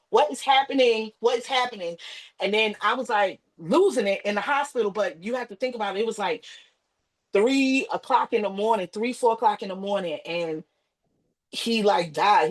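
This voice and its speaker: Woman guest, emotional storytelling, middle-pitched voice, acts out family voices. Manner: animated retelling with acted quotes and repetition. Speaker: podcast guest.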